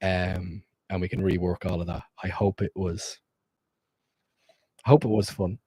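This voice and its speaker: A man's voice: deep voice, steady tone, measured pace, dark tone, breathy edge, no echo. A man streaming as game master, wrapping up a tabletop session in loose, rambling casual chat with frequent swearing.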